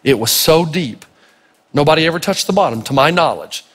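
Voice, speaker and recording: Animated folksy male preacher in echoey hall. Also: on the high side, fairly quick, husky. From Tennessee, United States. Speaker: pastor. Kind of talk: sermon with storytelling.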